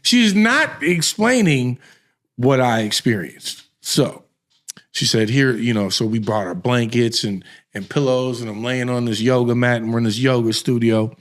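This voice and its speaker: Animated, slangy man telling a story. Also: medium pitch, moderate pace. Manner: animated, laughing, slangy and profane. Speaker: podcast host. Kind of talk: casual storytelling chat.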